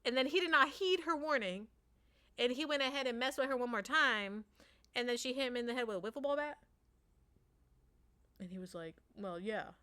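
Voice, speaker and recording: Brief: casual storyteller mom, bright and smooth voice, chatty, acts out dialogue. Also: female voice, fairly high pitch, lively intonation, moderate pace, pauses often. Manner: chatty, acts out quotes, many "like" fillers. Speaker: parent telling a story.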